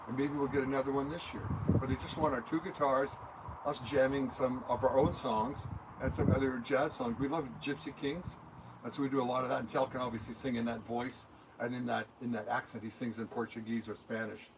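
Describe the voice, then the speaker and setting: A man's voice: mid-range voice, brisk. An older man, a musician being interviewed in a recording studio, answering in a loose, rambling, anecdotal way. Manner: rambling, anecdotal, talks with his hands through examples. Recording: steady background noise.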